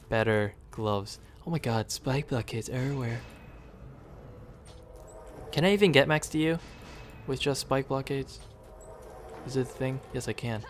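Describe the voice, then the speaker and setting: A man giving casual commentary over his own gameplay, chatting to the screen and coaxing the units along. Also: mid-range voice. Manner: chatty, talks to the game units, sudden excited outbursts. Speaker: gaming video creator.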